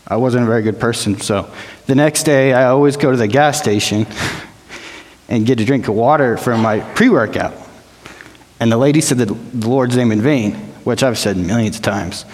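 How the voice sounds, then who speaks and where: Man giving emotional testimony in a reverberant hall. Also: medium pitch. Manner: emotional, halting, plain-spoken. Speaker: church testimony speaker. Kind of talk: personal testimony.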